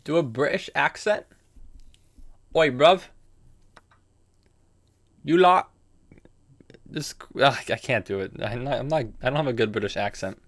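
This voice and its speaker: A man's voice: mid-range voice, expressive, fast, few pauses. Man, chess streamer, casual live commentary, muttering moves aloud, chatty with viewers. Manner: thinks aloud, chatty asides to chat.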